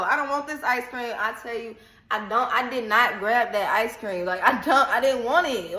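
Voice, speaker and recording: A woman vlogger casually retelling a personal story in an animated, slangy, dramatic way. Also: on the high side, moderate pace. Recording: echoey room.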